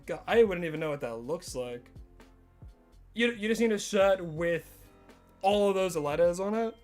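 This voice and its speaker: A man's voice: high voice, expressive, normal speed. A young man from Tasmania with an Australian accent carrying a touch of American, chatting casually with his live-stream viewers and answering their chat in a self-mocking way. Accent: Australian with some American influence. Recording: faint music behind.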